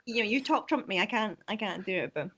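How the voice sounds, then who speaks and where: A woman co-hosting a podcast, talking in a giggly, animated way. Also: medium pitch, fast talker, over a noisy crowd. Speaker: co-host. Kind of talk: casual podcast chat.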